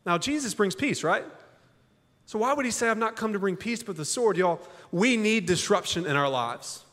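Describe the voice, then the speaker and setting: Male pastor, conversational sermon delivery, slightly higher voice, long reverb of a church hall. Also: animated, normal speed, a bit bright. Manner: conversational, folksy preaching with rhetorical questions. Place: church auditorium.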